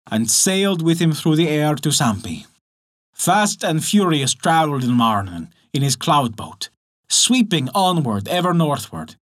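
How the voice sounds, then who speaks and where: A man narrating a folktale for a storytelling podcast, measured and dramatic. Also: a little high. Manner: expressive, measured, dramatic pauses.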